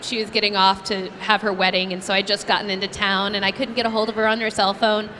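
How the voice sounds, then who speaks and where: Bright-voiced chatty woman. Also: mid-range voice, quick pace, a little hiss or hum. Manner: chatty, animated, laughs often. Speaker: voice actress guest. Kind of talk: convention Q&A storytelling. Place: convention panel room.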